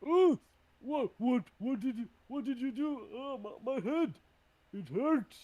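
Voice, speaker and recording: A man voicing a dim, panicky male hill giant who yells in a raised voice. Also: very high-pitched, animated, a little slow, pitched above the performer's own voice, heavily acted. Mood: pained. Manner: yelling in pain and alarm.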